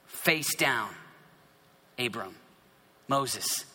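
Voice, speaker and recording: A man's voice: medium pitch, animated, unhurried, sharp tone, husky. A man preaching a sermon, reading scripture dramatically with playful asides and sudden drops to a whisper. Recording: echoey hall reverb.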